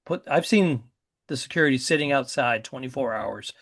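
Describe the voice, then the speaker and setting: A man's voice: medium pitch, lively intonation, a bit bright. Wry male podcast co-host. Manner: quick wry interjections. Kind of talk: casual chat.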